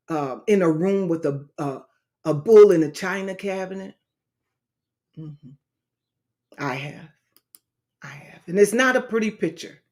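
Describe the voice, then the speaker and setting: Her voice is on the low side with a darkish tone as this talk show host and author preaches slowly and from the heart about healing and her book. She addresses her listeners as "baby" and "saints."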